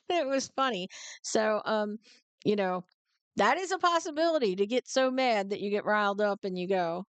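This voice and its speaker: Clear-voiced woman from New Jersey, animated. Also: on the high side, a little fast, dry recording. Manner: animated storytelling, gets fired up and laughs. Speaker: truck driver reacting to a video. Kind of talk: casual reaction commentary.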